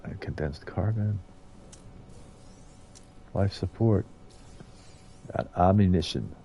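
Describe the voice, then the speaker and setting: Gravelly low-voiced man streaming a game. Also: slow pace, warm tone, a little hiss or hum. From United States. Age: middle-aged. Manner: rambling, thinks aloud, chats to viewers. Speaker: gaming streamer. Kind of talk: casual gameplay commentary.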